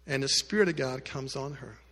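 A male pastor telling a story in a sermon, addressing the congregation directly and moving between loud emphatic lines and hushed quiet ones. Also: mid-range voice, fairly quick, long reverb tail. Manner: speaks directly to the congregation with asides.

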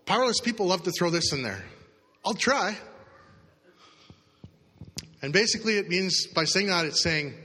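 A man's voice: lively intonation, fast talker, hardly any pauses, sharp tone. A man preaching a sermon in a conversational way, acting out the voices in people's heads. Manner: conversational, acts out inner voices with rising pitch. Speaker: pastor. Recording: long reverb of a large hall.

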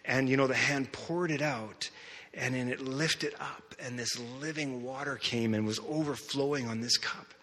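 A man preaching a sermon, telling a personal testimony in an animated storytelling way and acting out his own reactions. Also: medium pitch, normal speed. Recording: long hall reverb.

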